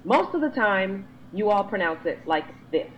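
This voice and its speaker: A woman vlogger talking straight to camera in a lecturing, emphatic way, with her pitch jumping high when she is exasperated. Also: very animated, normal speed, dull audio, slight background noise. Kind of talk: to-camera monologue.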